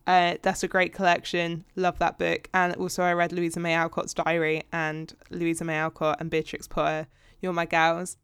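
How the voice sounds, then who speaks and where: A woman's voice: lowish voice, completely flat delivery, normal speed, clean tone, no room sound. A woman co-hosting a podcast, chatting casually and frankly about books and swearing freely. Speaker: podcast co-host. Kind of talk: casual book chat.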